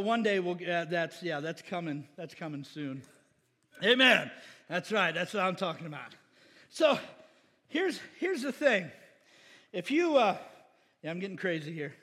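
High-voiced man preaching in a big hall. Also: measured pace, pauses often, slightly rough. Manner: animated, casual preaching with shouted bursts. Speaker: pastor. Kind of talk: sermon. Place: church sanctuary.

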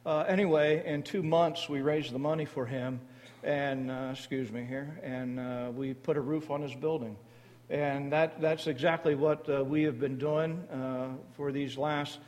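Guy talking about missions to a church, lots of uhs and restarts, slightly high voice, big reverby hall. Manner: halting, many fillers and restarts. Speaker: missionary speaker for a mission board.

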